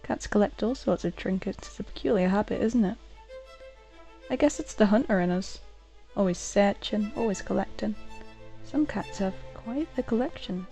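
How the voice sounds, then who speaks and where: Eine Frau spielt eine weise, belehrende Kriegerkatze. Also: female voice, medium pitch, moderate pace, creaky, soft background music, close to an everyday voice. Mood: wise. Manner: gently instructive, moralizing.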